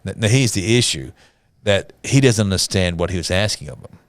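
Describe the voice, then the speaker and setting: Middle-aged male co-host, very deep and dry, a dramatic storyteller. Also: fairly quick, dry recording. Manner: dramatic storyteller, acts out quotes. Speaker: church podcast co-host. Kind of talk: casual storytelling chat.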